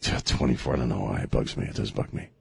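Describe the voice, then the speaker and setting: A man's voice: very deep voice, fast talker, vocal fry, darkish tone, husky, dry recording. A middle-aged man with a Texan accent hosting a radio talk show, rambling and joking with a co-host. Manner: rambling, jokey, laughs often. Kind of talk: casual on-air banter. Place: radio studio.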